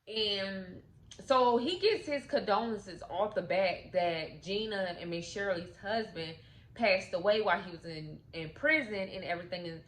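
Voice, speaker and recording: A woman's voice: mid-range voice, unhurried, a bit bright. A woman casually recapping a movie plot in slangy, chatty speech, acting out the characters' lines as she goes. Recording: roomy echo with faint noise.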